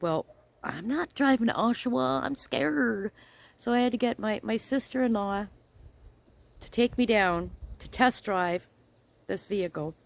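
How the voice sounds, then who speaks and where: A woman's voice: on the high side, lively intonation, measured pace, creaky. A middle-aged woman, hosting her crochet channel and chatting casually as she tells a story, acting out both sides of each conversation.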